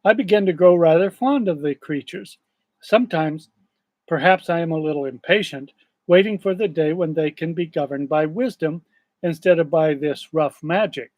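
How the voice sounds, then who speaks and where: A man's voice: on the high side, normal speed, darkish tone, no room sound, close to an everyday voice. A man reading aloud as a kindly, sleepy old male magician who talks in a mild, chatty way. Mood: fond.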